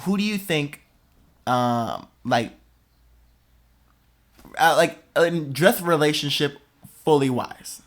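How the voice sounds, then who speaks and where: A young man hosting a podcast in casual chat, expressive and dramatic, laughing often. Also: fairly high pitch, slow, pauses often. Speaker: podcast host.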